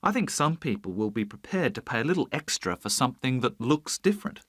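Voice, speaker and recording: Earnest design student. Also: male voice, medium pitch, sing-song, a little fast, dry recording, studio quality. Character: young male design student. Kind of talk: scripted exam listening recording.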